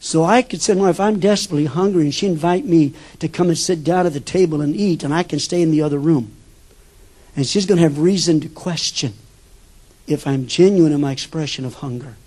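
An older man preaching a sermon as a pastor, telling stories with sudden shifts between loud bursts and hushed asides. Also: fairly high pitch, a little fast.

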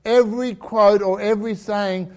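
Aussie bloke preaching, middle-aged, high voice, cracks jokes and tells stories. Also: male voice, steady tone, moderate pace. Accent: Australian. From Australia. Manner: jokey, storytelling, laughs at his own lines. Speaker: pastor. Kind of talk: humorous sermon with stories.

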